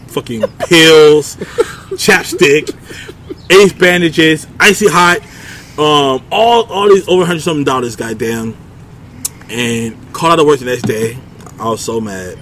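A man telling a rambling, profane story in a casual chat, acting out quotes in a loud, high voice. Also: measured pace. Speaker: podcast co-host telling a story.

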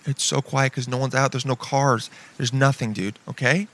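A late-twenties man gives easygoing reaction commentary with plenty of swearing and a steady stream of "dude." His voice is medium-pitched and a bit bright, with fairly even intonation at a moderate pace, and music plays behind it.

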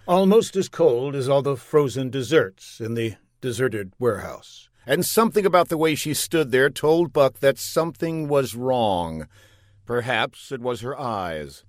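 Lively deadpan male storyteller. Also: medium pitch, no echo, studio quality. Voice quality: deadpan, pun-heavy delivery. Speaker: narrator. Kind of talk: comic story narration.

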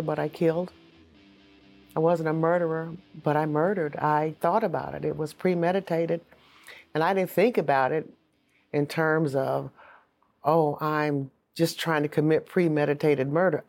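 A woman's voice: sits low, moderate pace, a little mellow, faint music behind. A middle-aged woman giving earnest, emotional personal testimony in an interview.

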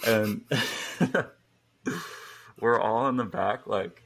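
A man's voice: medium pitch, extremely slow, fairly bright tone. A man in his twenties, a podcast guest, telling rambling stories in casual chat and chuckling as he goes.

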